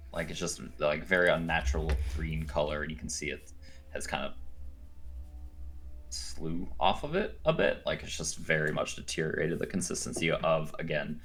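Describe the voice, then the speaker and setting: A man's voice: rumbling low, normal speed, fairly bright tone. A man narrating as game master of a tabletop game, hesitant and full of fillers.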